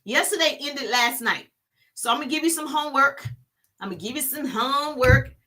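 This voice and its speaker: A middle-aged woman giving business coaching on a live stream, animated and preachy, repeating key phrases for emphasis. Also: sits high, brisk.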